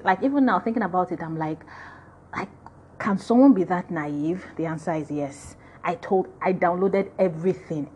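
A woman's voice: fairly low pitch, darkish tone, a little hiss or hum. A woman with a Nigerian accent casually telling a personal story, chatty and full of "you know" and "like".

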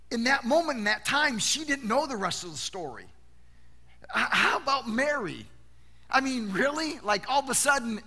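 A man preaching a sermon as a pastor, animated and conversational, often asking rhetorical questions and repeating words as he goes. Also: very high-pitched, moderate pace.

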